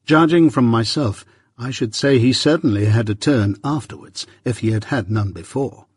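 Audiobook narrator, male, husky, measured storytelling. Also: mid-range voice, no echo, studio quality. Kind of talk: scripted narration of a classic novel.

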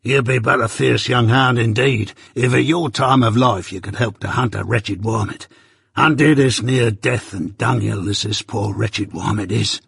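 Gravelly convict, gruff and wary, man putting him on, dry sound. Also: medium pitch, a little slow, fairly bright tone, dry recording, heavily acted. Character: rough old male convict, gruff, wary, hungry.

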